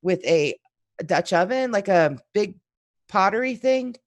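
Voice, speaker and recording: Animated woman telling stories. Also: medium pitch, a little slow, no echo. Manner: animated storyteller, acts out quotes. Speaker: psychology instructor. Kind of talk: casual chat.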